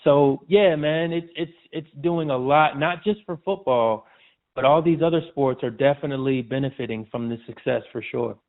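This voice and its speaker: A man, a sports reporter appearing as a guest, talking casually and loosely in a relaxed, chatty way. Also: mid-range voice, normal speed. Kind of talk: casual interview chat. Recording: tinny phone-like audio.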